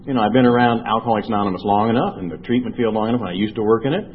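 A man's voice: lowish voice, very fast, phone-quality sound, a little hiss or hum. An older man giving earnest personal testimony to a recovery meeting, telling his story and acting out the dialogue he remembers. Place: meeting room.

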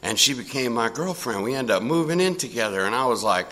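An older man telling a personal story in a casual, animated way, chuckling often. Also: medium pitch, quick pace.

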